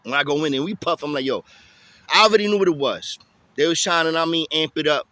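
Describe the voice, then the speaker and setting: A man telling a story in casual street slang, lively and chatty. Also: a little high, quick pace, no room sound. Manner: street slang, animated, tosses in "you feel me".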